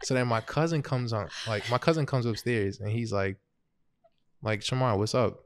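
With a medium-pitched voice at a normal speed, a young man recounts a funny personal anecdote on his podcast. He's casual and animated, quoting himself and laughing throughout.

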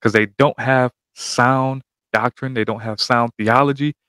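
A man's voice: mid-range voice, unhurried, smooth, dry recording. Trash-talking man reacting to a debate. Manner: animated trash-talking slang. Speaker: reaction video host. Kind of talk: casual reaction commentary.

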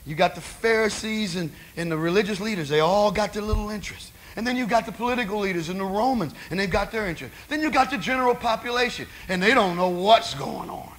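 High-voiced male preacher. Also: fast talker, few pauses, fairly bright tone. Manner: conversational, rhetorical questions to the congregation. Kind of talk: sermon.

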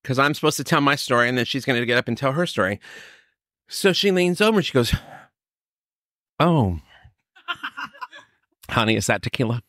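A man from California, older, telling his recovery story in a lively, storytelling way, acting out what others said. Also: medium pitch, quick pace, no room sound, studio quality. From Sacramento, California. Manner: storytelling, animated, quoting others. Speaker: recovery speaker.

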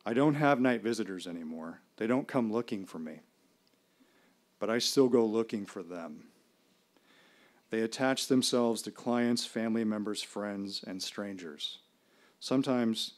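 Stage storyteller, male, low voice, measured dramatic pauses, live venue. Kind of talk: live personal storytelling performance.

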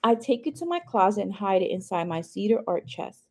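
A woman's voice: medium pitch, very animated, a little fast, husky. A woman reading a novel chapter aloud in first person, adding chatty asides to her listeners. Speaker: reader.

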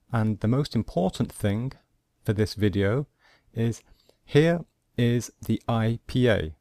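Male teacher, lowish voice, very slow measured delivery, dry close sound; walks learners through symbols. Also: warm tone, no echo. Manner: slow, deliberate, explaining step by step. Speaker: language teacher. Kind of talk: screen-recorded pronunciation lesson.

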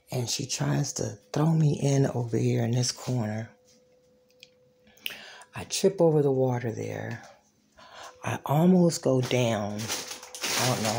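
An adult vlogger casually recounting a personal altercation while walking through a home, often dropping into a hushed whisper and acting out the quoted lines. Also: medium pitch. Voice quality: raspy, gravelly. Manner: reenacts quoted dialogue. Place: inside a home.

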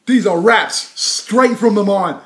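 A man playing a brash, boastful young London wannabe rapper in an improvised comedy rant, swaggering and crude, with a put-on London accent and sudden shouts. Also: sits high, takes it slowly, pitched above the performer's own voice.

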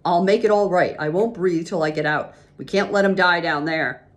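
A woman's voice: on the low side, normal speed, natural voice. A woman voicing a determined, plain-spoken pioneer father in a storybook reading. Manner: firm and plain-spoken, folksy.

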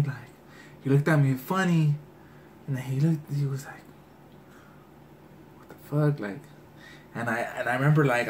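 A man's voice: medium pitch, a little hiss or hum. A man casually telling a story while eating, full of slang and swearing, acting out the people in it. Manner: profane, slangy, animated storyteller. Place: indoors at a table, eating.

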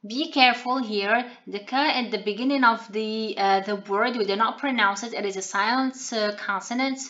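A woman teaching vocabulary, repeating each word slowly three times and explaining pronunciation plainly. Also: fairly high pitch, bright, forceful tone, dull audio. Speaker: language teacher. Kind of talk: vocabulary lesson, repeating words.

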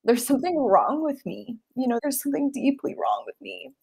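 A woman's voice: sits high, animated, a little fast, gravelly, a little mellow, slightly rough. A young adult woman, a therapist, talking in an earnest, heartfelt and reflective way during an interview. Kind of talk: interview conversation.

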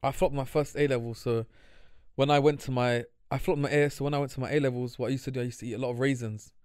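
A man's voice: mid-range voice, fairly even intonation, fast, a little mellow, smooth, no room sound, studio quality. A young man co-hosting a podcast, telling goofy, rambling stories. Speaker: podcast co-host. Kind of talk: casual chat.

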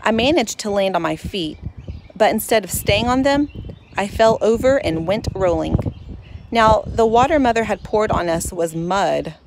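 A woman narrating a children's storybook in first person, expressive and lively. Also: medium pitch, moderate pace, noisy background.

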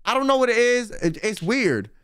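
A man's voice: very high voice, sing-song, normal speed, a bit bright, clear, resonant tone, dry recording, clean studio sound. A young man streaming, telling a rambling, slangy story in casual chat. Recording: faint music behind.

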